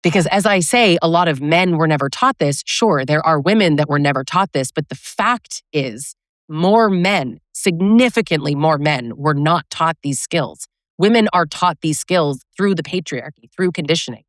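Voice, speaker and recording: A woman's voice: low voice, lively intonation, normal speed, no room sound, clean studio sound. Direct woman coaching on relationships. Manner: direct, conversational, asks rhetorical questions. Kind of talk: educational talk to camera.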